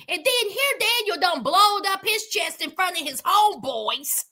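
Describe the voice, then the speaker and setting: A woman's voice: extremely high pitch, lively intonation, moderate pace, hardly any pauses, pushed and bright. A woman giving outspoken reaction commentary on a reality show, calling her viewers honey.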